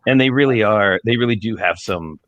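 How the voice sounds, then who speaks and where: A man's voice: on the low side, fairly quick, fairly bright tone, muffled recording, a little hiss or hum. A man chatting on a casual livestream over a video call, rambling with lots of fillers. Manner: rambling, filler-heavy, laughing.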